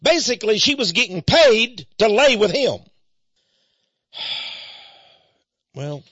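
With a breathy edge to his voice, a male radio talk show host preaches passionately, alternating between loud outbursts and quiet asides. The sound is lo-fi with no room sound.

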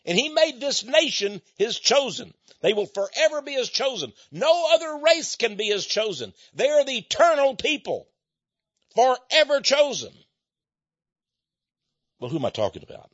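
Emphatic husky-voiced American man lecturing. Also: sing-song, moderate pace, no echo. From United States. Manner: repeats himself, swings between loud emphasis and low asides. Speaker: speaker delivering a monologue. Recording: dull lo-fi, dry recording.

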